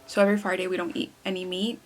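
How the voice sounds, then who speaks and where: Talking rapid-fire to the camera, a young woman with a lowish, level voice vlogs casually over slight background noise. She's chatty and earnest, full of fillers and self-corrections.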